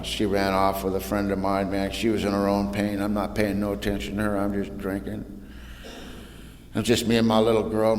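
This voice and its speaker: A man with a low voice tells his recovery story to an AA meeting in a folksy, plainspoken way. His voice rings through a large echoing hall, with a faint hum of room noise behind it. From California. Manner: folksy storytelling, says "man" and "you know". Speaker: AA speaker. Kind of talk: personal recovery talk.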